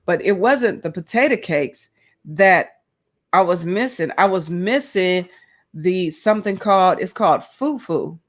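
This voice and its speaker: A woman's voice: lowish voice, animated, a little slow. A woman hosting a casual live chat, talking animatedly and laughing often, calling her viewers honey and child.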